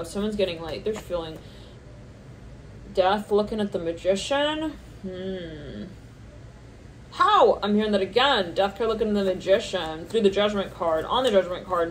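A woman at a medium pitch gives a loose, channeled tarot reading, rambling from card to card and giggling as she goes. She jumps into squeaky high reactions whenever she mimics someone. A faint background hum sits under her voice. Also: poor audio. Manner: rambling, thinking aloud between card names, often laughing. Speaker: tarot reader.

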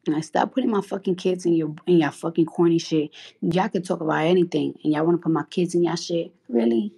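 A woman's voice: lowish voice, quick pace, creaky, dark tone, husky. A woman with a New York accent talking on a casual livestream, blunt and profane, heated and rambling with many restarts. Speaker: social media livestreamer.

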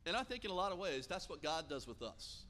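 A pastor with a high, bright voice preaches a sermon in a church sanctuary, a long hall reverb trailing each phrase. Speaking quickly, he tells Bible stories in a relaxed, conversational style and casually acts out the characters' dialogue.

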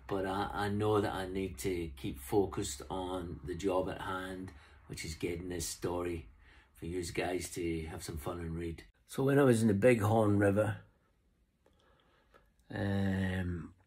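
A middle-aged Scottish man talks casually to the camera, rambling and joking as he shows off his own fishing flies. His voice is fairly low and husky. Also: darkish tone. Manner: chatty, rambling, jokey. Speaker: fly tier and seller. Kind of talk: casual vlog talk to camera. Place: camping on the road.

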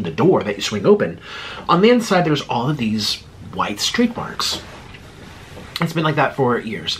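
A man's voice: fairly high pitch, fairly bright tone, husky. A man in his thirties talking casually and breathlessly to camera, chatty and digressive with lots of fillers. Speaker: mukbang vlogger. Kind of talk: casual rambling monologue.

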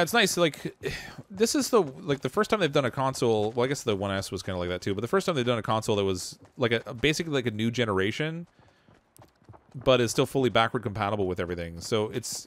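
A man's voice: mid-range voice, lively intonation, quick pace. A man from Canada giving casual, jokey commentary while streaming a shooter game. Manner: chatty, laughs often, jokey asides.

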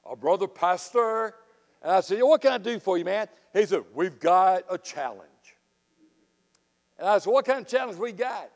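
Fiery Southern preacher in a reverberant church. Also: male voice, lively intonation, normal speed. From Florida. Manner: folksy and fiery, swinging from loud outbursts to low asides. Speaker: guest revival preacher. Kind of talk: revival sermon with storytelling. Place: church sanctuary. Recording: long reverb of a church sanctuary.

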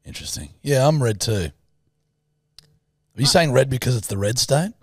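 A man's voice: medium pitch, animated, normal speed, husky, no echo, studio quality. A man with an Australian accent co-hosting a podcast in crude, teasing banter. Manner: crude, teasing, jokey voices. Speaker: podcast co-host. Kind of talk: casual banter.

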